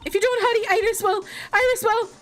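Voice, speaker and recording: A woman voicing a bossy, excitable young female sidekick in a high, pushy voice. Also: fast talker, faint music behind.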